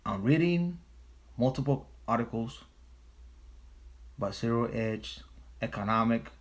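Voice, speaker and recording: An American livestream host talks emphatically and profanely during a casual stream, repeating his phrases for stress. His medium-pitched voice has lively intonation, and he takes it slowly.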